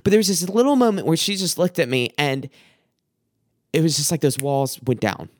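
A young man hosting a podcast, giving a reflective faith talk in an earnest, halting way, often repeating words as he tells a personal story. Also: on the high side, dry recording, studio quality. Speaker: podcast host.

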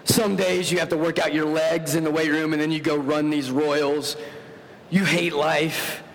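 A man preaching a sermon, telling stories with animated, self-mocking humor. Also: unhurried. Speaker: pastor. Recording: long hall reverb with faint rumble.

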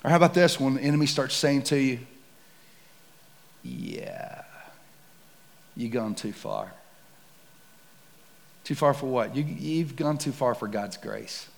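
A man preaching a casual, slangy sermon that builds to shouts. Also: medium pitch, brisk, vocal fry, few pauses. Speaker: pastor.

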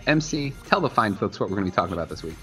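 A man's voice: lowish voice, big pitch swings, very fast, a bit bright. Podcast host guy at a diner, swears a lot, laughs constantly, voice bounces all over, bit of music back there. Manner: laughing, swearing, lots of "like" fillers. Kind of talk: casual profane banter.

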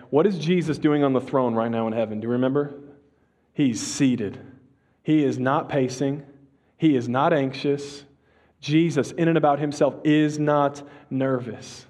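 Key phrases come out in a slow hush as this male pastor delivers a relaxed, chatty sermon. His voice sits in the mid range, and he peppers his talk with slang and restarts.

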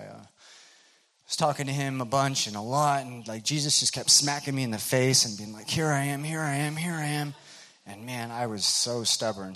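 A young man with a lowish voice telling a personal faith story. He talks loosely and conversationally, rambling and filling his sentences with "like" and "um.". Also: bright, forceful tone. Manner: rambling, full of "like" fillers. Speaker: speaker sharing a testimony. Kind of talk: casual spoken testimony.

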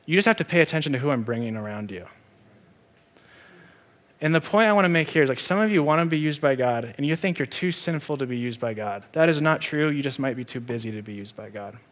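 A male pastor delivering a sermon, mixing teaching with a personal story told in an easy, conversational way, going loud at times and dropping soft at others. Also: mid-range voice, lively intonation, fast talker.

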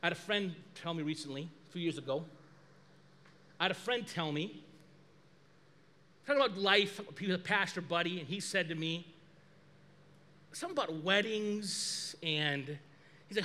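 A man preaching a sermon as pastor, lively and animated, acting out quoted dialogue. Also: high voice, brisk, long pauses.

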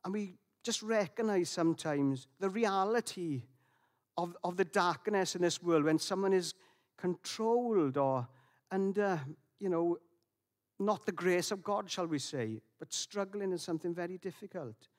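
A man gives a sermon in a fairly high voice. He talks in a gentle, reflective way, often restarting his phrases and pausing on fillers. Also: lively intonation. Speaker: preacher.

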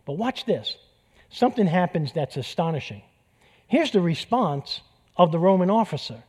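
A middle-aged man delivers a sermon in a church, easygoing and conversational, dropping jokes and repeating key phrases to drive them home. His voice sits a little on the high side for a man. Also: very animated, moderate pace, darkish tone, husky. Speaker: pastor.

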